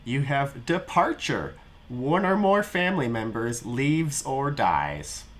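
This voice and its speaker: A man running a tabletop storytelling game, speaking softly and slowly and laughing often. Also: medium pitch, sing-song. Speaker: game facilitator.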